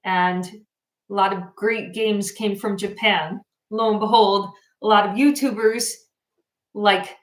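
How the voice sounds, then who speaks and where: A woman's voice: mid-range voice, roomy sound. A tired woman hosting a casual livestream, chatting and reading out viewer comments. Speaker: livestream host. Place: home in Japan.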